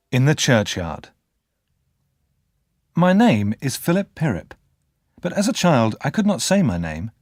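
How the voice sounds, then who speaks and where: Guy reading a storybook aloud, lively ups and downs, super dry close recording. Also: medium pitch, dry recording. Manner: expressive, measured storytelling. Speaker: audiobook narrator. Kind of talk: scripted storybook narration.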